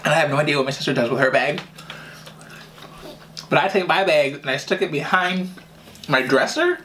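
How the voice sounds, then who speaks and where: A man from New Jersey telling childhood stories in a casual mukbang vlog, often laughing and pausing to eat and drink. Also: on the high side, lively intonation, bright, forceful tone, a little hiss or hum. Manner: chatty, laughs often, eating while talking. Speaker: vlogger. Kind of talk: casual storytelling during a mukbang.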